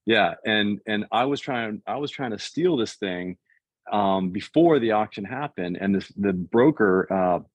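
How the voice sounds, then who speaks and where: A man in his fifties from the US East Coast, telling a business story in casual, animated chat and acting out what other people said. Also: fairly low pitch, no room sound. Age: 50s. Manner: animated, fast, acts out other people's quotes. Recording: dull, dry, lo-fi sound.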